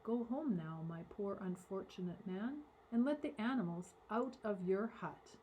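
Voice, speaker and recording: A woman voicing a calm, commanding old male rabbi, speaking in a measured, firm and unhurried way. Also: medium pitch, slight background noise, close to an everyday voice.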